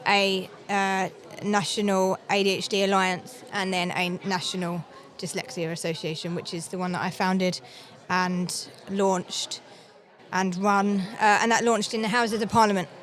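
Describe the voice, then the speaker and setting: A middle-aged English woman with a London accent, talking as an interview guest, friendly and quick to laugh. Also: mid-range voice, little pitch movement, a bit bright. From England. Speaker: guest, founder of a police dyslexia network. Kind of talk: conversational interview. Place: conference floor.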